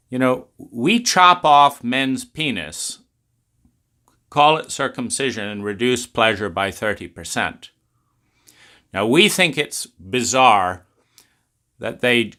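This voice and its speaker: A man gives an unhurried philosophical talk at medium pitch, his voice pushed and bright. He stretches out words for emphasis and drives his points home with pointed rhetorical questions.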